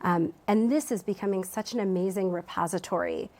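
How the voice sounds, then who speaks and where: A woman's voice: mid-range voice, fairly quick, dark tone. Thoughtful woman in a TV interview. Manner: thoughtful, with frequent ums and restarts. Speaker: museum education director. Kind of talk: interview answers. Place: TV studio.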